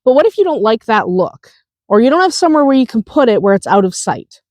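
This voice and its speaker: A woman's voice: on the high side, sing-song, quick pace, a little mellow, dry recording. A woman with a cold hosting a homestead video outdoors, chatty and prone to restarts, explaining how to compost. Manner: chatty, laughs, restarts often. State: has a cold, chewing a lozenge. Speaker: homestead channel host. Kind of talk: casual outdoor how-to talk.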